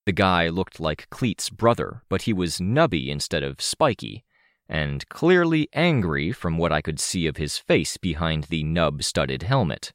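A man narrating a first-person audiobook in a steady, wry way. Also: deep voice, unhurried, dry recording, clean studio sound.

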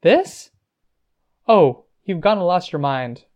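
Brief: male narrator doing a frank, pushy young woman cousin, slightly higher and livelier, a bit muffled. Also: a little fast, a little mellow, lightly acted. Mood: exasperated. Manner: pushy, exasperated questions.

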